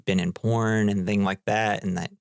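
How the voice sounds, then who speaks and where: Podcast co-host, male, lowish voice, chatty rambling recaps, dry close sound. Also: steady tone, moderate pace, vocal fry, smooth, dry recording. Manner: rambling plot recap full of "like", acting out quotes. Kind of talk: casual movie-podcast chat.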